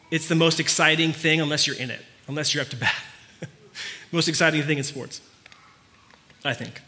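A man preaching, telling a story in a conversational way that turns quiet and earnest. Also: on the high side. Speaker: pastor. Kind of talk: sermon.

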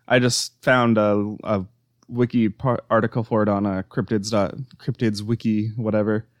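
Deadpan man reading notes, dry sound. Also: on the low side, normal speed, no room sound. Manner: reads notes aloud with fillers and restarts, deadpan. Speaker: podcast co-host presenting research. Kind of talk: casual chat.

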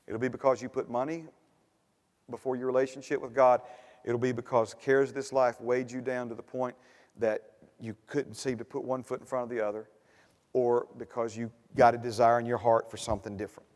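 Preaching pastor in a reverberant hall. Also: male voice, medium pitch, level tone, fairly quick, darkish tone. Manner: preaching with rising emphatic bursts and repeated refrains. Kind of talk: sermon.

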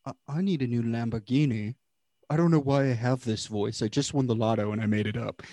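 A man putting on a plummy, affected voice with a made-up British accent for a newly rich lotto winner. The voice sits at a middle pitch and is recorded close with a dry sound. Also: brisk, mellow, no echo, natural voice. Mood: smug.

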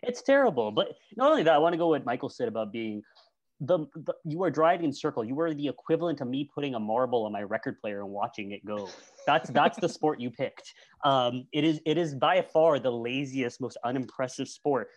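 A man appearing as a podcast guest on a video call, teasing and mock-insulting the other side in a casual debate, with halting restarts. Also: medium pitch, lively intonation, lo-fi sound. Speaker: guest director. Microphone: home mic on a video call.

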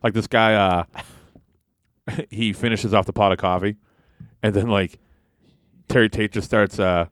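A man's voice: fairly low pitch, a little slow, long pauses, no room sound, studio quality. A man co-hosting a podcast in casual chat, swearing and laughing often. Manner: animated, swearing, laughing, doing loud impressions. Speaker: podcast co-host.

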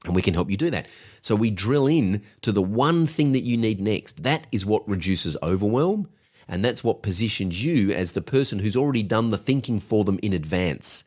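Lowish guy on a business podcast, punchy coaching, lotta "you gotta". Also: animated, moderate pace, a little mellow. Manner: emphatic, directive, coaching tone. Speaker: podcast co-host, agency coach.

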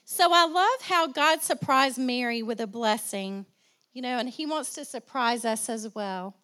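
A woman's voice: a little high, measured pace, sharp tone. A woman pastor preaching a sermon, repeating phrases for emphasis and calling for responses, with a slight cough.

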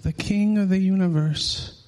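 A man's voice: high voice, steady tone, measured pace, darkish tone. A man in his thirties preaching a sermon earnestly, often repeating words as he searches for them.

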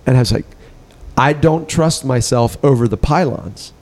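Gravelly-voiced male surf host. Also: mid-range voice, normal speed. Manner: relaxed storytelling with laughs and restarts. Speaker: podcast host. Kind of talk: casual chat.

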